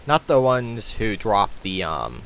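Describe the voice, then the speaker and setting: A man casually commentating his own gameplay, thinking aloud and halting with frequent ums. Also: lowish voice, sing-song, creaky, a bit bright, a little hiss or hum. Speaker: let's play host playing the game.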